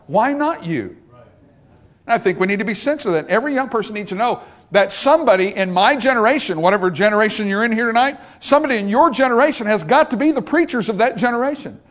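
An older man preaching a sermon as pastor, emphatic and repetitive, driving points home with rhetorical questions. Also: high-pitched.

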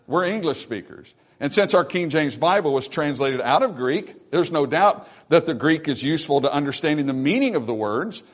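Emphatic preaching man, fairly high voice. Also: lively intonation, moderate pace, few pauses. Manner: emphatic preaching with call-and-response "amen"; repeats phrases for emphasis. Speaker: pastor. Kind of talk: sermon.

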